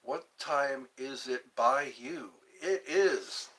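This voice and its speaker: Man in his fifties, live-stream host, unhurried delivery, bright tone, chatty and joking with viewers. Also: medium pitch, rough recording. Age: 50s. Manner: reads viewer comments aloud and chats back to them; playful, jokey. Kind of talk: casual live-stream chat.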